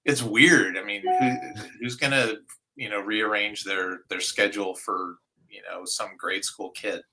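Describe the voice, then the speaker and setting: Bright-voiced man chatting as a guest. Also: on the low side, unhurried, faint music behind, low-quality recording. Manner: relaxed, many fillers, trails off softly. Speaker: guest vocalist. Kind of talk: casual interview chat.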